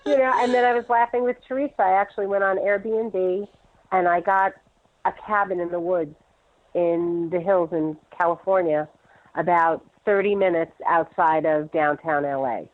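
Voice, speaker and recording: A woman's voice: fairly low pitch, fairly even intonation, moderate pace. A middle-aged woman entrepreneur chatting as an interview guest, telling stories animatedly and laughing often. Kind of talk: casual interview chat. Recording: tinny phone line.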